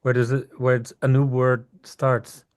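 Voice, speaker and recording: Unhurried male student asking careful questions. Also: medium pitch, little pitch movement, a little mellow.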